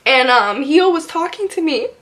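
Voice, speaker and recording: Young woman, high voice, animated, casual, storytelling, filler-heavy. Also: normal speed. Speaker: vlogger.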